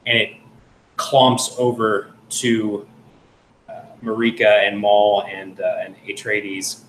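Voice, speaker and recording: A man playing a tabletop game, describing his character's actions in halting, filler-heavy narration. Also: on the low side, level tone, fairly bright tone, roomy sound, slight background noise, rough recording. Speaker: player.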